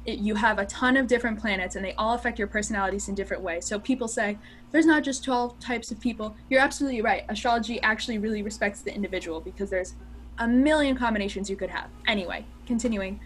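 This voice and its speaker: A young woman co-hosting a podcast, telling stories in an animated, casual way and swearing freely. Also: mid-range voice, quick pace. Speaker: podcast co-host. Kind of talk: casual chat.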